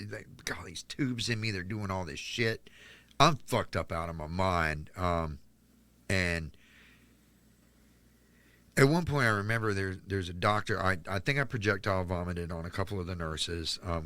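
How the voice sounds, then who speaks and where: A man's voice: low-pitched, a little slow, long pauses, pushed and bright, dry recording. A man from North Carolina, a podcast guest telling his life story in a candid, rambling way full of "like". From Charlotte, North Carolina, US. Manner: rambling and candid, heavy use of "like". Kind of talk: personal storytelling in a casual interview.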